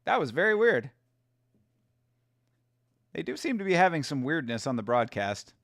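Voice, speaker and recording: A man's voice: on the high side, very animated, normal speed, gravelly, a bit bright, no room sound, studio quality. A man hosting a fight watch-along stream, chatting loosely with viewers, joking and swearing a lot. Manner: loose, profane, joking, talking to chat. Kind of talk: casual livestream chat reacting to fights.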